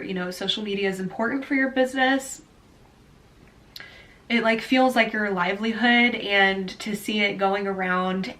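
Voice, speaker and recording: Young adult woman, small-business vlogger; earnest, easily upset, filler-heavy chatter, mid-pitched voice. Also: fairly bright tone. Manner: earnest and upset, close to tears. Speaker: small business owner and artist. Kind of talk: casual vlog talk to camera.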